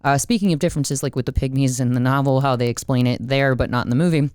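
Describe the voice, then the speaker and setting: Very low-voiced chatty woman co-host. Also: fast talker, darkish tone, smooth, no room sound, clean studio sound. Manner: chatty, laughs while telling. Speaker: podcast co-host. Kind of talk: casual movie discussion.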